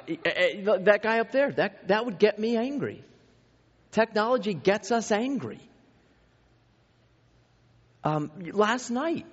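A pastor in his thirties or forties preaching a sermon in a conversational way, telling anecdotes about his own family. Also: high-pitched. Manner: conversational, with self-deprecating family anecdotes and many restarts. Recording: reverberant hall, dull lo-fi sound.

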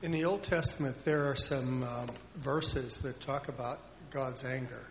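A man's voice: medium pitch, measured pace. Hesitant man asking from among a crowd. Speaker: congregation member. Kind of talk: asking a question from the floor. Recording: dull sound, crowd around.

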